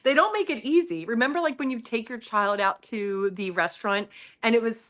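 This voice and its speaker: A woman guest in a casual chat, speaking openly and gratefully with lots of little fillers. Her voice is on the high side. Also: brisk. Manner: warm, grateful, chatty with fillers. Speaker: guest contributor.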